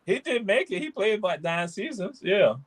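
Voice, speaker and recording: A man's voice: high voice, sing-song, a crowd in the background. A man hosting a sports talk panel over a video call, drawing out his words as he calls on each guest for their thoughts. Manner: slow and drawn out, calls on panelists by name. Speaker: host.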